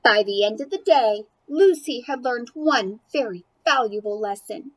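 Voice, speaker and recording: Animated woman reading a picture book aloud. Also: a little high, a little slow, hardly any pauses. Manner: animated, playful, talks to children. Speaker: storybook reader. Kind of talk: picture-book read-aloud with chatty asides.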